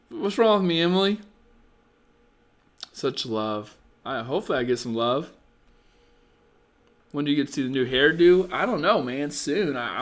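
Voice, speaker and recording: A young man sounds tired as he hosts a casual live stream. He talks bluntly and rambles, with plenty of swearing, moving from chatting with viewers to giving dating advice. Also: on the high side.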